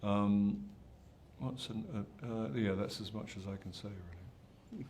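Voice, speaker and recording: A man's voice: lowish voice, fairly even intonation, measured pace, darkish tone, a little hiss or hum. An older man, an actor answering interview questions in a hesitant, self-deprecating way with many restarts. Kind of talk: press junket interview.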